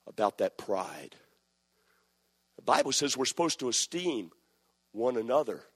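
Preacher in an echoing church. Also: male voice, mid-range voice. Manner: impassioned preaching, swings from shouting to quiet storytelling. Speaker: pastor. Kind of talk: sermon. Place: church sanctuary. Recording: long reverb of a church hall.

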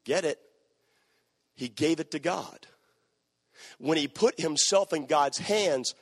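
A man's voice: a little high, slow, long pauses, long reverb tail. A man preaching a sermon, emphatic and repeating his key phrases.

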